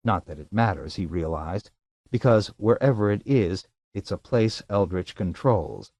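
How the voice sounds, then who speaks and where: A man reading an audiobook as the narrator, with an even, measured delivery into a close mic. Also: low voice, dry recording. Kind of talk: scripted narration.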